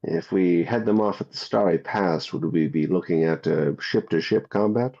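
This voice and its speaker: Very deep-voiced man playing a tabletop game. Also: moderate pace, dark tone, dull audio. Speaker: player.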